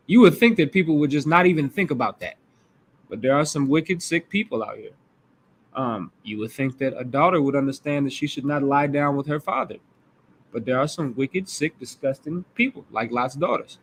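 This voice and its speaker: A man's voice: a little high, expressive, normal speed, a little hiss or hum. A man leading a Bible class, preaching in a blunt, emphatic way with crude language.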